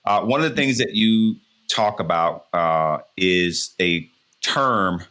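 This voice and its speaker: A man's voice: deep voice, animated, slow, bright, forceful tone. An American man hosting a podcast interview in a loose, enthusiastic, rambling chat. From United States. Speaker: podcast host.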